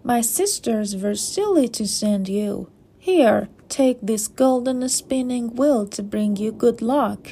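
A woman's voice: on the high side, slow, warm tone, breathy edge, exaggerated voice. A woman voicing a dismissive third old hag in a storybook.

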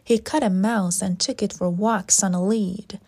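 A woman's voice: mid-range voice, fairly even intonation, unhurried, dark tone, slightly rough. A woman reading a children's story aloud expressively, with playful sound words.

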